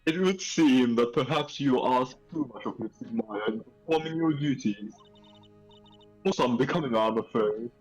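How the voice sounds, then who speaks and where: A man's voice: on the high side, wildly swooping pitch, unhurried, soft background music, heavily acted, poor audio. A man voicing a stern elderly woman from a village, formal and scolding, calling the listener "good sir" again and again.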